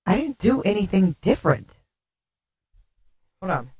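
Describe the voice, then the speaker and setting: Chatting casually with viewers on her livestream, this woman host runs her voice through a glitchy changer that makes her sound alien. Underneath, her medium-pitched voice is very animated, unhurried, a little mellow and slightly rough, picked up by a desktop streaming mic. She's giggly and flustered and swears casually.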